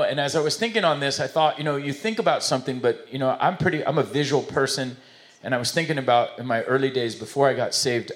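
A man preaching a sermon to a congregation in a conversational, rambling way, often restarting his sentences. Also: medium pitch. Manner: conversational, rambling, self-correcting. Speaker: pastor. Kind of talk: sermon with jokes. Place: church service before a congregation.

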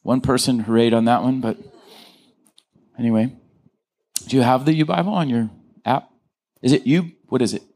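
A male pastor preaching a lively sermon, joking with the congregation and asking them to answer back. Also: mid-range voice, moderate pace, pauses often. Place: church.

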